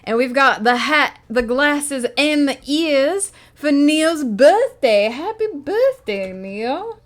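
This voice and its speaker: A woman's voice: sits high, animated, slow pace. A woman streamer chatting casually on a live stream, talking along while she fiddles with props. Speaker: streamer and writer.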